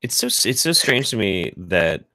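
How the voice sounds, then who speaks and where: Deep-voiced rambling American man. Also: sing-song, moderate pace, sharp tone, no echo. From United States. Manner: rambling, loose and profane, many restarts. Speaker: host. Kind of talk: casual streamed chat.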